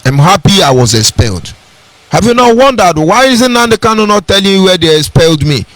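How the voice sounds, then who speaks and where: A man's voice: sits high, big pitch swings, a little fast, fairly bright tone, no echo. A man with a Nigerian accent giving an impassioned, preacherly radio address and repeating his key phrases. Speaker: radio broadcaster.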